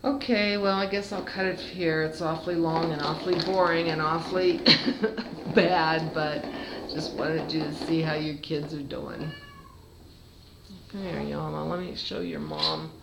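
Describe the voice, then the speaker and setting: Casual home vlogger, a woman, unhurried, fond, chatty with her pets. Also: low-pitched, fairly even intonation, creaky, echoey room, background noise. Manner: chatty, fond baby talk to kittens. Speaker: cat breeder. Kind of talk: casual home video update. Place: room at home with kittens.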